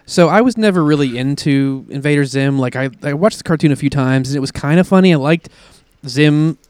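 A man's voice: fairly high pitch, fairly quick, darkish tone, clear, resonant tone, no echo. A man co-hosting a casual comics show, retelling a plot in a rambling way with frequent laughs. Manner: rambling, laughs often, fillers while retelling plots. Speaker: podcast co-host reviewing comics. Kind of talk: casual chat.

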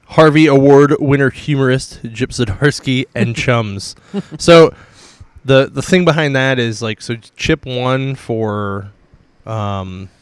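A man's voice: medium pitch, slow pace, clear, resonant tone. A man co-hosting a casual comics show, talking loosely with hedges and jokes and trailing off mid-thought. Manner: loose, hedging, jokey, trails off mid-sentence. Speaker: podcast co-host reviewing comics. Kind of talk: casual chat.

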